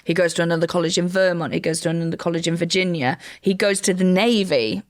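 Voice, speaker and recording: A woman's voice: lowish voice, fast. A woman comedian co-hosting a podcast, recounting a true crime story step by step with wry asides. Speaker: comedian co-host.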